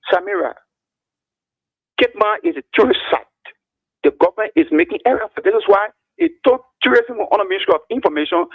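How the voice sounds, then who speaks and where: High, gravelly man on the phone. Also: dry recording. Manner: argumentative, addresses the host by name. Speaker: caller. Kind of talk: political call-in commentary. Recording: dry phone-line call.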